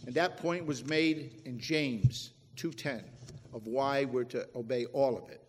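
Quoting scripture, a pastor lets his mid-range voice rise and fall for emphasis, keeping a measured pace. Long reverb from an echoey hall fills the recording, along with slight background noise.

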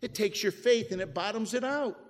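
A man's voice: high voice, moderate pace. A man preaching a sermon, swelling and dropping his voice for emphasis as he quotes scripture. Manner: preaching with rising and falling emphasis, quoting scripture. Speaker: pastor. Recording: echoey hall with long reverb.

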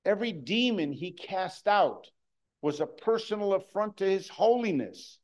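A man preaching a sermon, earnest, moving between hushed and emphatic delivery. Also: high voice, expressive, a little slow.

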